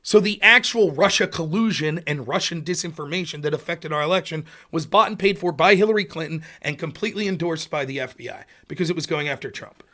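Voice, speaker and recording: An American man hosting a political livestream, ranting in an animated, mocking way and sometimes calling himself half asleep. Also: on the high side, fast, few pauses. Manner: animated, mocking, slips into loud mocking quotes of opponents. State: sleepy.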